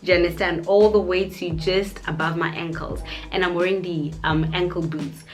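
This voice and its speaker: Chatty South African woman, low voice. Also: normal speed. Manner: animated, chatty storytelling. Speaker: YouTuber. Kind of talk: casual storytime. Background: faint background music.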